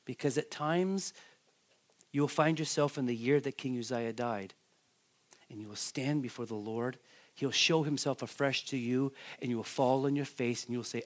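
A middle-aged man preaching a sermon, animated and calling out questions to the congregation. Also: medium pitch, moderate pace. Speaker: pastor.

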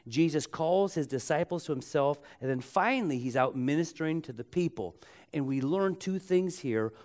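A man with a slightly raised pitch delivers a sermon to his congregation. He hammers his points through repetition and slows down to stretch the key words. He also invites listeners to repeat phrases back to him. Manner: leads the congregation in call-and-response. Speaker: pastor.

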